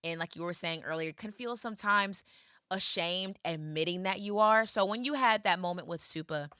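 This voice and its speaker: Energetic female co-host with a deep voice and a forceful tone, encouraging. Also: moderate pace, clean tone, no room sound, studio quality. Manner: energetic, encouraging, reflective when teaching. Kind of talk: faith talk and scripture teaching.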